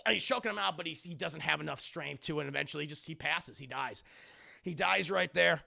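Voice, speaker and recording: A man's voice: high voice, fast, creaky, sharp tone. A man streaming a live film recap, rambling and profane, often talking to his chat.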